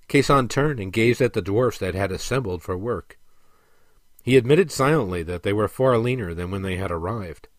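Man, storybook narrator, lively pitch, dramatic reading, dry close sound. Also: moderate pace, no room sound.

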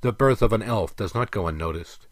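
A man reading the part of a stern, weary elf king who lectures his son in a firm, measured way. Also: on the low side, no room sound, lightly acted.

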